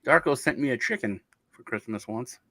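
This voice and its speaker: A man's voice: medium pitch, lively intonation, moderate pace, a bit bright, dry recording. A man hosting a casual crypto chat show, rambling through stories with lots of fillers and restarts.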